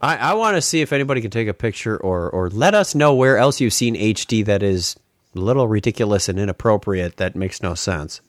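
A man's voice: lowish voice, fairly quick, no room sound. A male podcast host in loose, joking chat whose voice swoops up and down as he gets worked up. The sound is close and dry, with no room around it. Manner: animated, ranting, joking. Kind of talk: casual chat.

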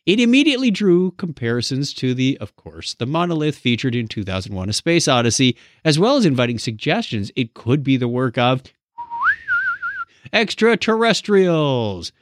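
Lively, animated male podcast host. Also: mid-range voice, fairly quick, hardly any pauses, dry recording. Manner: animated, chatty, jokey asides. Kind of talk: casual podcast banter.

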